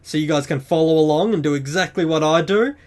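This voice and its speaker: A man's voice: on the high side, fast talker. A man hosting a game tutorial, talking casually and explaining each step of a screen-recorded walkthrough in an upbeat way.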